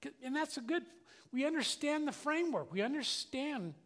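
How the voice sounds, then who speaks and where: A man's voice: very high-pitched, animated, normal speed, a bit bright. An older man preaching a conversational sermon as a pastor, earnest and plainspoken, often restarting and repeating words.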